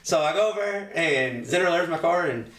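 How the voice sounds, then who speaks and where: A man's voice: a little high, expressive, brisk, fairly bright tone. A man with a Kentucky accent telling racing stories with a laugh in a casual podcast chat. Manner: storytelling, laughs a lot, quotes others. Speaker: podcast host. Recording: roomy and off-mic.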